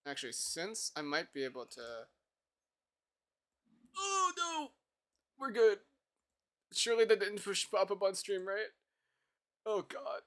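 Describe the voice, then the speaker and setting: A man's voice: sits high, moderate pace, long pauses, fairly bright tone. A man chatting casually on a live stream while he codes, thinking aloud, laughing easily and poking fun at himself.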